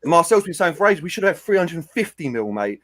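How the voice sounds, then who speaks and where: A man's voice: fairly high pitch, brisk. A man ranting heatedly on a fan podcast panel. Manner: animated, ranting, slips into mimicking quotes.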